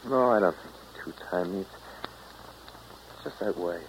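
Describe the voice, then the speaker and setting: A deep, low-key man in a 1940s radio drama. He is blunt and unhurried. A faint hiss runs under his voice. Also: rough recording. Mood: steady. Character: blunt, steady old friend and former lover.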